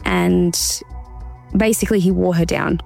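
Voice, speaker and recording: A woman giving earnest, measured interview answers about a hard personal experience. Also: fairly low pitch, steady tone, gravelly, darkish tone, faint music behind. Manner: earnest, measured, acts out quoted voices. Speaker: interview guest, survivor telling her story.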